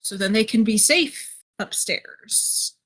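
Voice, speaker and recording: A woman's voice: mid-range voice, animated, slow, fairly bright tone, slightly rough. A woman playing a tabletop game, talking earnestly in character and explaining herself at length. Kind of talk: in-character role-play chat.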